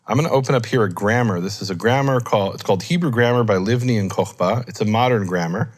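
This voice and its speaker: Low-voiced man explaining grammar. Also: fast. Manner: explanatory, thinks aloud, self-correcting. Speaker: Hebrew scholar teaching. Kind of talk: informal teaching discussion.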